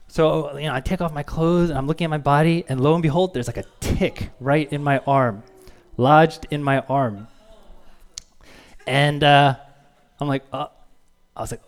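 A man's voice: fairly high pitch, brisk. A man in his thirties, a pastor giving a sermon in an easygoing storytelling way, with fillers and chuckles. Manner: casual storytelling with fillers and laughs.

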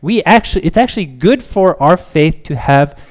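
A man in his thirties preaching a sermon, a father who tells stories and acts out his children's pleading with lively rises in pitch. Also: moderate pace. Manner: animated storytelling, acts out children's pleading voices. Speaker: pastor.

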